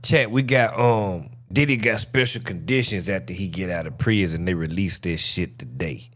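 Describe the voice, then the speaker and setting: A man hosting a live stream, reacting to clips and chatting casually with his audience in a loud, profane, joking way. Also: deep voice, moderate pace. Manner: excited, profane, laughing banter with chat.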